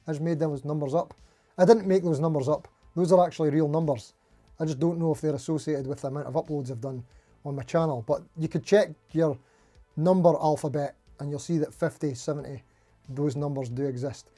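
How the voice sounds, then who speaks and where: A man's voice: on the high side, steady tone, brisk, warm tone, faint music behind. A man hosting a casual live stream, rambling and laughing at himself as he reads out supporter names.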